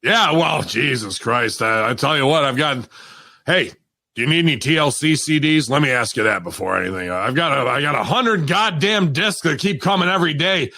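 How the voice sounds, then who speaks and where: Guy doing a gravelly loud old wrestling boss, swearing, swings all over, bright sharp voice, dry room. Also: a little high, animated, moderate pace, dry recording, full character voice. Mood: blustering. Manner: growling, profane, rambling, calls everyone pal. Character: gruff blustering old wrestling boss parody. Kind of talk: comedic improv impression.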